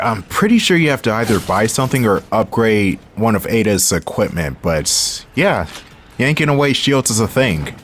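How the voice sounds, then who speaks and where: Laid-back low-voiced man narrating gameplay. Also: fairly bright tone, a little hiss or hum. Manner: laid-back, wry, talks to the viewer while playing. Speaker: gaming channel host. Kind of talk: casual let's-play commentary.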